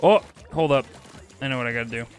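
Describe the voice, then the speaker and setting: Soft music plays behind a man streaming a game live as he talks casually with his audience. He speaks quickly and reacts loudly, swinging between excited yelping and quiet muttering.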